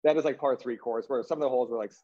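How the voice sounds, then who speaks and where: A man's voice: medium pitch, fairly even intonation, racing, lo-fi sound. A man telling a story in casual chat, rambling with lots of "like" and restarts, laughing at himself.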